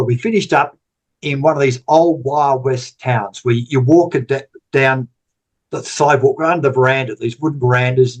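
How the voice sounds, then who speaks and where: A man in his sixties, a podcast guest telling stories in casual talk, rambling and repeating words. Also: medium pitch. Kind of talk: casual storytelling interview.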